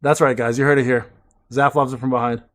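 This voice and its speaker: A man's voice: mid-range voice, level tone, fast talker, a bit bright. A man streaming a game, teasing and mock-ranting at a friend in casual, profane banter. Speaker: gaming streamer.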